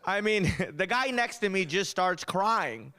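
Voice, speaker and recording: A young man doing a stand-up comedy set, telling animated stories with punchy delivery. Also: sits high, a little slow, clear, resonant tone. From United States.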